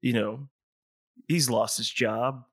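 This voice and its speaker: A man's voice: mid-range voice, fairly even intonation, slow pace, dry recording, clean studio sound. Rambling podcast co-host man. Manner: rambling, laughs often. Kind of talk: casual chat.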